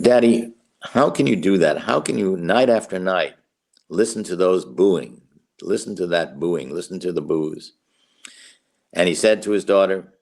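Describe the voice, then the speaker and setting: Older male professor, low-pitched, wry and rhythmic storyteller giving a writing talk. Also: a little mellow. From New York. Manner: storytelling, repeats phrases for rhythm, wry asides. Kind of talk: master class talk.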